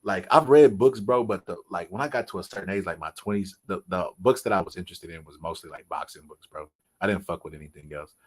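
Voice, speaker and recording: A man's voice: low voice, fast talker, husky. A man hosting a casual podcast chat, telling stories in loose slang and tacking "bro" onto nearly every sentence. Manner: loose slangy talk, says "bro" constantly; lively storyteller, acts out quotes. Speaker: podcast host.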